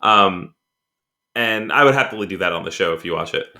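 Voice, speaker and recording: A man's voice: deep voice, lively intonation, a little fast, sharp tone. A man co-hosting a podcast in casual chat, rambling with many fillers and restarts and laughing as he retells film scenes. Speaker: podcast co-host.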